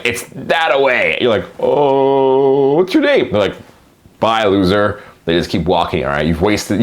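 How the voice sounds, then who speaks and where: A man coaching on dating and sales in a casual, animated monologue, acting out short exchanges with plenty of filler words. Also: lowish voice. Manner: animated, acts out quick dialogues with filler words.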